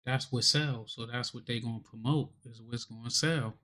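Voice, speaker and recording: A man's voice: medium pitch, steady tone, normal speed, sharp tone, slight background noise. Laid-back slangy male co-host. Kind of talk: casual chat.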